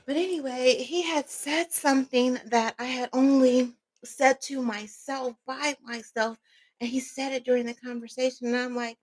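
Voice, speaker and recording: A woman's voice: sits high, fairly even intonation, normal speed. A woman vlogger telling a personal story in a casual storytime monologue, rambling, emphatic and swearing freely.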